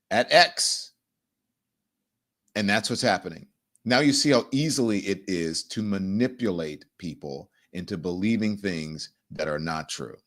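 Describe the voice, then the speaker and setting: A man's voice: lowish voice, fairly bright tone. A man hosting a talk show, thanking a guest and moving on to the next story. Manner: conversational, then brisk read of an ad. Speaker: host.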